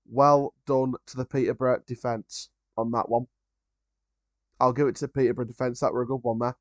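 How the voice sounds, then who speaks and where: A man's voice: medium pitch, little pitch movement, brisk, no echo, dull audio. Chatty man hosting a football watchalong. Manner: casual, chatty, opinionated, frequent ums and restarts. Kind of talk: live match watchalong commentary.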